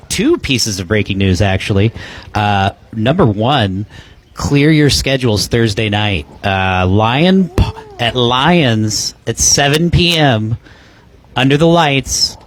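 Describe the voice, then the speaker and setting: A man with an ordinary mid-range voice reads out league news and notes at a measured pace. He fills the gaps with "uh" and keeps it plain and friendly. Faint noise runs behind him. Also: medium pitch. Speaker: podcast co-host. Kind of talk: casual announcement.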